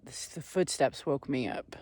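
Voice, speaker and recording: A man vlogging outdoors at a desert campsite on a ridge, speaking in a slow, earnest, meandering way that sometimes sinks to soft near-whispers. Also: mid-range voice, lively intonation, dry recording. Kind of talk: reflective spiritual vlog talk.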